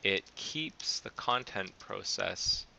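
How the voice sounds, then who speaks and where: Gravelly low-voiced man thinking aloud. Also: animated, slow, pushed and bright, slight background noise, rough recording. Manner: hesitant, self-correcting, many fillers. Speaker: programmer hosting a coding show. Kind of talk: thinking aloud while reviewing code.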